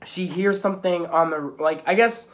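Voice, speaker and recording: A man's voice: high voice, normal speed. A young man giving a casual spoken recap of a TV episode, rambling with many restarts and filler words. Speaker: video reviewer.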